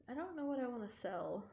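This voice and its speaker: A woman's voice: a little high, creaky, darkish tone. A woman with a scratchy throat chatting casually and swearing now and then while she streams a game, laughing often. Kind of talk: casual live-stream chat while playing. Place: home streaming setup. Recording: roomy echo with game music behind.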